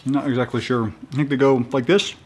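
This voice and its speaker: A man's voice: mid-range voice, fairly even intonation, very noisy. A man with an everyday mid-range voice, chatting his way through a hands-on project. He is upbeat and easygoing, and often stops, restarts and fills with "uh" as he goes. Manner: halting, with many restarts and fillers. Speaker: vlogger installing a roof rack. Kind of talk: casual how-to talk.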